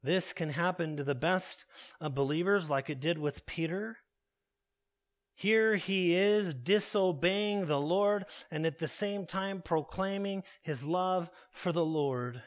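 A man preaching a sermon, slow and deliberate, repeating his key phrases for weight. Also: high voice.

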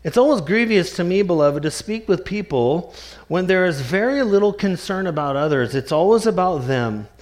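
Man, pastor, sermon, earnest, emphatic, slightly high voice. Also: expressive, darkish tone. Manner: earnest, emphatic, slows right down to stress key words.

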